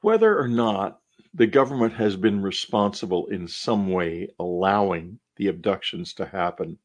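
An older man hosting a show, speaking in an earnest, musing monologue full of rhetorical questions, with a husky voice. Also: deep voice, animated, moderate pace, darkish tone. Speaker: podcast host. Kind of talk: reflective monologue.

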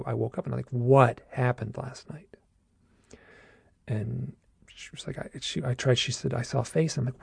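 A man casually recounting a personal experience, halting and restarting often, with a gravelly voice. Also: mid-range voice, darkish tone, dry recording, clean studio sound. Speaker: guest telling his own story. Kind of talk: casual storytelling.

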